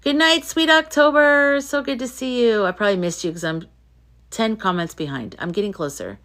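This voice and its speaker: A tired woman hosting a casual livestream, chatting as she reads viewer comments aloud and reacts to each one. Her voice sits fairly low for a woman, and she talks in a loose, conversational way. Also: sing-song, brisk. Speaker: livestream host reading chat comments. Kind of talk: casual live-stream chat.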